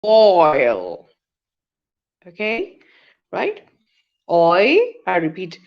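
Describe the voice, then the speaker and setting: Slow-drilling woman teaching pronunciation. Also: fairly low pitch, wildly swooping pitch, muffled recording. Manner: slow, drawn-out word drills with repeated examples. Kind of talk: online webinar lesson.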